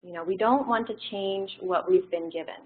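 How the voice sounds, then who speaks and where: A woman's voice: medium pitch, moderate pace, slight background noise. Woman teaching a class, tinny sound. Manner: relaxed, explanatory with frequent fillers. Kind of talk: classroom lecture. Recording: tinny phone-like audio.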